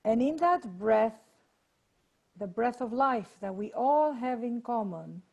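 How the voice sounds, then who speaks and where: Slow, soothing woman with a gravelly edge. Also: on the high side, lively intonation, darkish tone. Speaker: workshop leader. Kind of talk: guided meditation on a video call. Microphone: video call.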